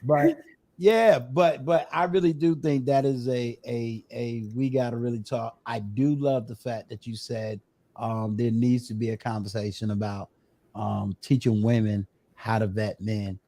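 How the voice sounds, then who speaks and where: A man's voice: mid-range voice, steady tone, measured pace, mellow, dry recording. A middle-aged man hosting a casual live-stream chat, drawing out his phrases with many fillers. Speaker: host.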